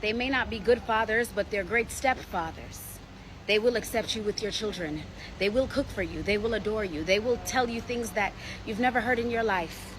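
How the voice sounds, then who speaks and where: A woman giving a humorous monologue to camera, confident and teasing as she hands out advice. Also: medium pitch. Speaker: commentator to camera. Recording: clear background noise.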